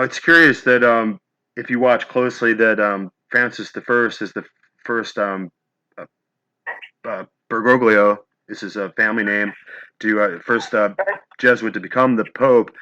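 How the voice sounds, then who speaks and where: A male host who asks long questions and pauses often to search for his words, recorded on muffled, lo-fi audio. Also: mid-range voice, fairly even intonation, bright, forceful tone. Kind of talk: interview questions. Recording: dull lo-fi audio.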